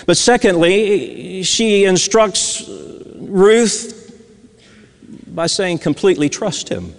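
High-voiced male preacher in a reverberant hall. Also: lively intonation, slow. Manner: earnest, repeats phrases for emphasis. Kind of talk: sermon. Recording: long reverb of a large hall.

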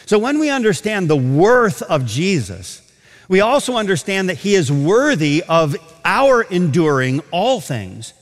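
A man preaching a sermon, slowing down to stress scripture, emphatic and earnest. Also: on the high side. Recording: hall reverb.

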